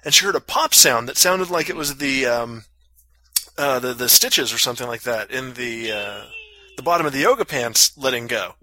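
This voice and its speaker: A man's voice: mid-range voice, lively intonation, normal speed, sharp tone, no room sound. A man casually telling a long story on a podcast, full of fillers and crude jokes. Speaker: podcast co-host.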